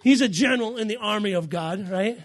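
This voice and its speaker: A man preaching a sermon as pastor, fiery and emphatic, shouting and repeating his phrases in a church. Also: high voice, fairly quick.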